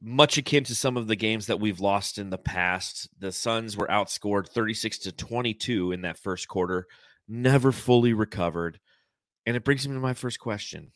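Deep-voiced man hosting a sports podcast. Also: normal speed. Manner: conversational, rambling sports talk. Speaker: podcast host. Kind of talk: casual sports podcast talk.

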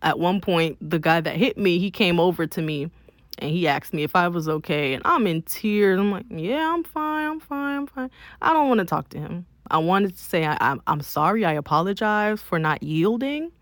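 Lower-voiced young woman telling a story. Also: normal speed, no room sound. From Miami. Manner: emphatic, animated retelling with frequent "like". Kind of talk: casual first-person storytelling.

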